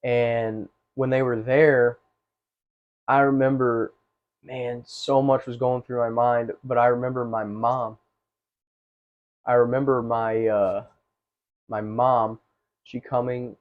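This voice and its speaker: A man telling his life story with earnest, halting speech, full of restarts and fillers. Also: mid-range voice, little pitch movement. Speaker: testimony guest. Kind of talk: personal testimony, casual storytelling. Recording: slightly dull, muffled recording.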